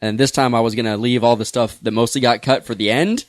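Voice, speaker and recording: A man's voice: medium pitch, fairly even intonation, fast, no echo. A man co-hosting a hobby podcast, chatting casually and joking as he steers the segments. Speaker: podcast co-host. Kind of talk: casual chat.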